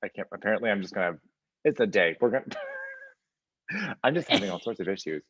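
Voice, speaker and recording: A man's voice: deep voice, animated, very fast, fairly bright tone, husky, no echo, highs cut off. A man hosting a casual video call interview, playful and gushing, easily sidetracked.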